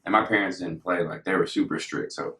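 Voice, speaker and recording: A man's voice: deep voice, steady tone, a little fast, sharp tone. A young man telling stories in a casual, slangy way, laughing as he goes. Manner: laid-back, slangy, laughs through stories. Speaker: podcast guest. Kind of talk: casual storytelling. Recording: echoey room.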